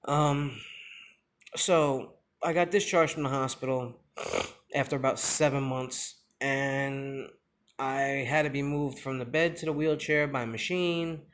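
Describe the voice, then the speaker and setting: A young father telling a personal story in a confessional vlog, emotional and halting, with many pauses and fillers. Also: medium pitch, fairly even intonation, a bit bright. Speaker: father sharing his injury story.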